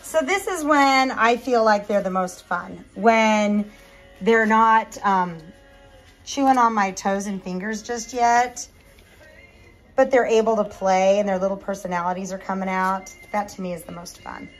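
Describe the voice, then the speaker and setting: A woman's voice: measured pace, faint music behind, rough recording. A woman breeder chatting casually to the camera about her puppies, now and then cooing at them in a sing-song voice. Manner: chatty, coos in a higher voice to the puppies. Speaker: dog breeder.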